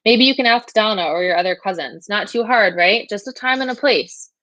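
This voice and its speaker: A woman's voice: mid-range voice, fairly quick, bright, forceful tone, no room sound, natural voice, rough recording. A woman voicing a persuasive woman detective who coaxes a teenage girl. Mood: coaxing. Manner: coaxing, persuasive.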